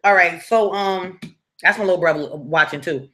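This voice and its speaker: A woman hosting a live story-time stream, telling a personal story in an animated, blunt and profane way and often checking in with "right?". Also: fairly low pitch, normal speed. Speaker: storyteller, channel host.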